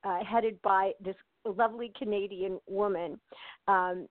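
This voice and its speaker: Chatting away on a tinny phone line with a dry sound and no room noise, an older American woman who's an actress gives a casual interview as a guest. She speaks in a steady, medium-pitched voice at a measured pace, laughing a lot and filling her talk with uhs and restarts.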